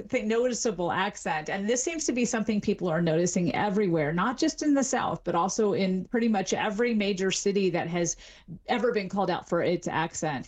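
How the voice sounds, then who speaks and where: A middle-aged woman, a linguistics professor, explaining things articulately as a guest in an interview. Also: on the low side. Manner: articulate, explanatory, with some fillers. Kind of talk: expert interview.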